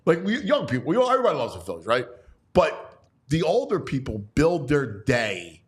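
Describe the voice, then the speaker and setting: A man's voice: a little high, big pitch swings, normal speed. A man hosting a sports talk show, chatting casually and animatedly, often restarting his sentences and leaning on "you know". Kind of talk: casual sports radio chat.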